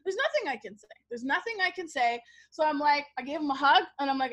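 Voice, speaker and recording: Woman from Canada, high voice, animated storyteller, webinar talk, acts out quotes. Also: fast. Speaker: teacher giving a workshop talk. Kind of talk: storytelling presentation. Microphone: webinar microphone.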